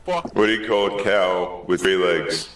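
A man's voice: low-pitched, measured pace. A man telling corny jokes with friends during a game and laughing at his own punchlines. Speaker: gamer doing comedy bits. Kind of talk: joking cow-joke banter with friends. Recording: echoey room, far from mic, noisy.

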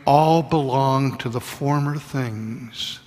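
A man's voice: medium pitch, slow pace, a little mellow. Older man, preacher, sermon, intimate storytelling, falls to a near whisper, long hall reverb.

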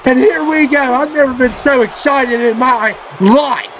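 A man who is a parent, commentating a wrestling video game with excitement, often shouting and cheering. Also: very high voice, unhurried, a little hiss or hum, low-quality recording. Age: adult, a parent. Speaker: gaming channel host. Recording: loud game music underneath.

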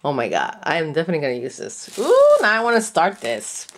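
Gushing woman with a lively, swooping voice. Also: low-pitched, fast talker, a little hiss or hum. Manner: gushing, breathy gasps and delighted exclamations. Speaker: craft vlogger. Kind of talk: casual unboxing chat.

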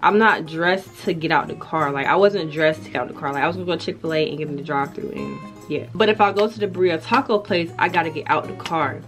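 A woman's voice: low voice, quick pace, hardly any pauses, fairly bright tone. A young woman talking casually to her camera at home, slangy and chatty, often breaking off mid-thought. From United States. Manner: chatty, slangy, self-interrupting. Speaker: vlogger. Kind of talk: casual vlog chat. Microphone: camera or phone mic. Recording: music playing behind.

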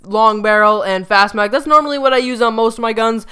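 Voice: mid-range voice, brisk, sharp tone, clean tone. A gaming YouTuber giving casual gameplay commentary, rambling with lots of fillers and stumbling over words, recorded on a desktop USB microphone.

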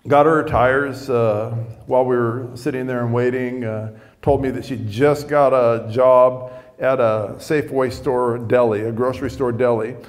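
A male pastor tells a story from the pulpit in a relaxed, conversational way, often pausing and restarting. His voice sits at an ordinary middle pitch. A long reverb from a church hall trails each phrase. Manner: conversational, self-deprecating, repeats and restarts. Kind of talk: storytelling sermon. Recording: echoey hall.

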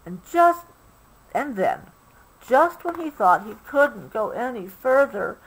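A mother reading a picture book aloud to her child at home, expressive and stopping now and then to explain. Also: a little high, slow, husky, low-quality recording. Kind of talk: storybook read-aloud.

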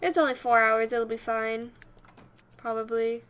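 A woman's voice: fairly high pitch, fairly even intonation, unhurried, fairly bright tone. A young woman giving rambling, casual commentary over her video game and talking to her characters. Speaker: let's play host.

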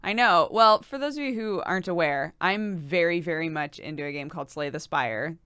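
Young woman streamer, candid and chatty, reads chat aloud and laughs easily; slightly low, resonant voice. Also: animated, brisk, pushed and bright, smooth, no room sound, clean studio sound. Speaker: game streamer. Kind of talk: casual chat with stream viewers.

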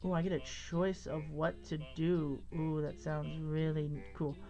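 A woman's voice: low voice, little pitch movement, measured pace, mellow, muffled recording. A young woman giving casual gameplay commentary, giggling, exclaiming, and reading game text aloud. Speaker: let's play host.

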